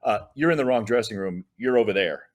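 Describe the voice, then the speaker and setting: A man voicing a gruff male backstage security guard who answers in blunt, short statements. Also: fairly low pitch, lively intonation, fast talker, close to an everyday voice.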